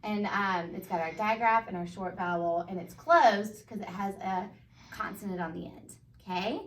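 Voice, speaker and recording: A woman with a Southern US accent, teaching a phonics review to first graders in a patient, encouraging way, sounding words out slowly. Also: medium pitch. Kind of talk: phonics lesson for young children. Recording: echoey room, voice a bit far from mic.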